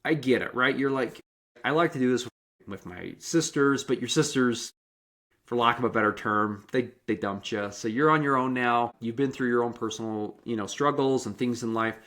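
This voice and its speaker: A man's voice: mid-range voice, moderate pace, a bit bright. Earnest, encouraging man hosting a podcast. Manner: earnest and encouraging, asks probing questions. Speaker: podcast host and running coach. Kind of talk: casual interview.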